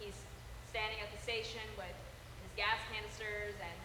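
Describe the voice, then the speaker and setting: A teenage girl playing a young woman survivor in a stage play, telling a story slowly and hesitantly. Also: mid-range voice, steady tone, natural voice. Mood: hushed. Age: teens. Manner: halting storyteller, slow and hesitant. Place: school auditorium stage. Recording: echoey auditorium from far off, noise.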